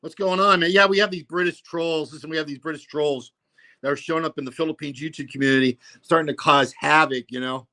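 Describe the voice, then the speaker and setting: A man's voice: fairly high pitch, steady tone, fast, sharp tone. A man hosting a casual livestream, rambling and profane, full of "you know, man.". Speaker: livestream host.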